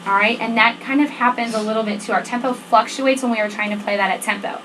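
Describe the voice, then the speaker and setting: A woman's voice: on the high side, steady tone, fast talker, fairly bright tone, a little hiss or hum, low-quality recording. A woman band teacher leading a rehearsal, giving directions, counting off the tempo and checking in often. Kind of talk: rehearsal instruction. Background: student band playing.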